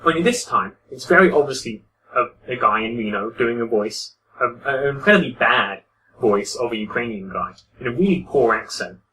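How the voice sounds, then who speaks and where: Bright-voiced man reviewing a game. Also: mid-range voice, expressive, moderate pace, far from the mic, slight background noise, rough recording. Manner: critical, conversational, with frequent restarts. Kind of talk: casual commentary over gameplay.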